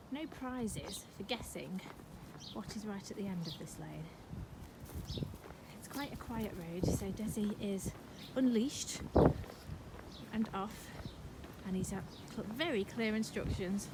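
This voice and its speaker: A woman's voice: medium pitch, slow. Chatty lady out on a country walk, playful, lots of wind noise over the phone. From England. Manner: lively, playful, talks to viewers and animals. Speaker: walking vlog host. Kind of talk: chatty outdoor walking vlog. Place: outdoors on country lanes.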